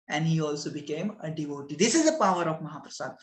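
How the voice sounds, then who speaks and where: Animated storyteller with an Indian English accent. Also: medium pitch, fast talker, hardly any pauses. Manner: animated, acts out quotes, mixes in Hindi. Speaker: religious storyteller. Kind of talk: devotional storytelling talk. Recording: echoey room.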